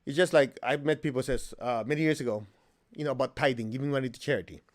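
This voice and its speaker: Male meditation teacher, animated class talk, humorous and direct. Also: quick pace. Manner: animated storyteller, acts out quotes with high pitch jumps; plain-spoken, humorous, asks the class questions.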